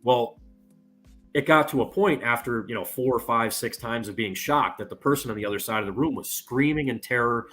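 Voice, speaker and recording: A man's voice: mid-range voice, normal speed, a bit bright. Casting note man, mid-range voice, podcast guest, rambling explainer, faint music underneath. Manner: rambling with many "you know" fillers. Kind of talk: casual podcast conversation.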